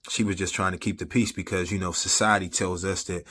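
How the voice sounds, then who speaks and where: Man, deep register, casual personal testimony to camera, filler-heavy conversational delivery. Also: flat delivery, brisk, a bit bright, slightly rough. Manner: conversational, with frequent "you know what I'm saying" fillers. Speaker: vlogger sharing personal testimony. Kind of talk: casual faith-based storytelling.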